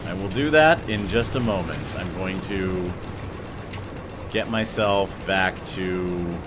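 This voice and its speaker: A man's voice: sits low, slow, music in the background. A man streaming a video game live, chatting loosely with viewers and swearing as he jokes around. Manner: loose, joking, profane. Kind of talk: livestream gaming banter.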